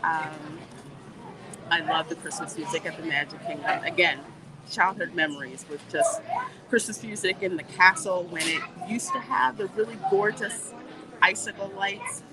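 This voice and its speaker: A woman hosting a casual livestream while walking through a theme park, reading viewer comments and chatting in an animated way. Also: on the low side, normal speed. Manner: chatty and animated, warm greetings, laughs often. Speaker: livestream host. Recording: noisy outdoor livestream audio. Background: park ambience and music.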